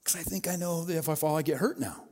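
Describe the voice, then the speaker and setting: A middle-aged man preaching a sermon in a relaxed, conversational way, storytelling and acting out quoted voices. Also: on the high side, fast, in a large hall. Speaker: pastor.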